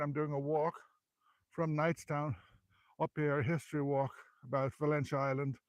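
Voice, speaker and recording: A man's voice: medium pitch, no echo. Breathless Irish man guiding a walk. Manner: chatty, rambling, self-correcting. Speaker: local history guide. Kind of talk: live walking history vlog. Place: outdoors on a hillside graveyard. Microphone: handheld phone while climbing.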